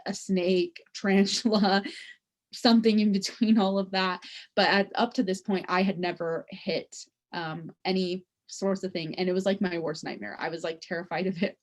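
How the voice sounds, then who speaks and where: A young woman telling a personal story for a class presentation, in a conversational way that is full of "like" and "um". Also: medium pitch. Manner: conversational, with frequent "like" and "um" fillers. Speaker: student presenter.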